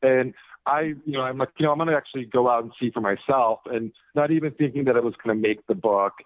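A man's voice: medium pitch, quick pace, no room sound. A man who is an author and guest, talking casually in an interview, rambling with many fillers and restarts. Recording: tinny phone-like radio audio.

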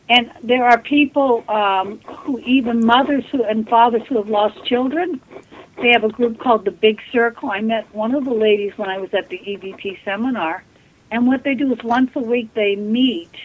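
A woman's voice: on the high side, narrow, tinny audio. A woman recounting her experiences earnestly as a guest on a radio interview. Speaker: guest, spiritualist medium. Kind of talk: storytelling interview.

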